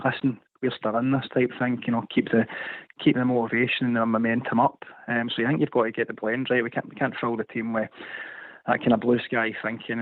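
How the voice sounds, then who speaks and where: A man calling in to a radio show, speaking in a measured way with many fillers. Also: mid-range voice, no echo. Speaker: caller. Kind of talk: casual phone-in opinion. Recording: tinny dry phone line.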